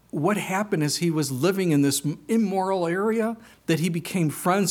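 A man preaching a sermon in a conversational way, reading scripture aloud and now and then breaking into animated exclamations. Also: mid-range voice, slightly rough. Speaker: pastor.

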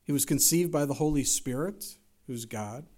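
A man's voice: medium pitch, moderate pace, darkish tone. A man preaching a sermon, emphatic, with rhetorical questions and rising exclamations. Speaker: pastor.

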